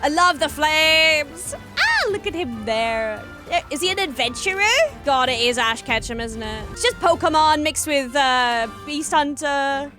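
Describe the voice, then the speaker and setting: A woman hosting a reaction video, talking fast and bursting into excited shouts and squeals. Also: high voice, over music.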